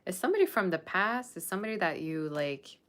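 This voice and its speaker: A woman's voice: on the low side, animated, fast, a bit bright. A woman tarot reader talking casually to her viewers, blunt and sassy, scolding them about their standards. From Persian Russian background. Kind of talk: casual tarot reading monologue.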